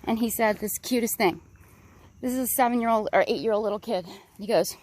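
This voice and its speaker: A woman vlogging as she walks a wooded park trail, chatty, rambling and excitable, a little out of breath. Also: on the high side, a little fast. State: slightly out of breath. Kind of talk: casual walking vlog narration. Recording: outdoor recording, crickets and faint background noise.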